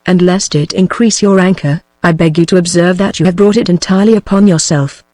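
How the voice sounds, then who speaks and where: A woman's voice: lowish voice, fairly quick, no echo. Synthetic British woman reading a novel. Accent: British English. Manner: steady, even synthetic narration. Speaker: audiobook narrator. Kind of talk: text-to-speech audiobook reading.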